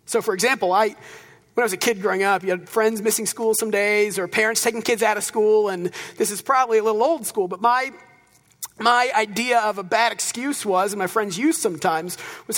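A man preaching a sermon in a relaxed, conversational storytelling way, with dry self-deprecating humor. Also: high voice, brisk, long reverb tail. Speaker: pastor.

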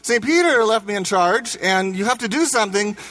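A man's voice: sits high, animated, brisk, pushed and bright, rough recording. A man doing a fretful bayou shrimper. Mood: folksy.

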